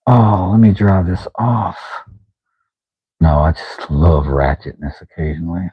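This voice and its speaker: A man's voice: expressive, unhurried, slightly rough, no echo, highs cut off. A middle-aged man hosting a casual woodworking livestream, chatting playfully while he sharpens a blade. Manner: playful, drifts into silly high sing-song voices. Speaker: woodworking channel host.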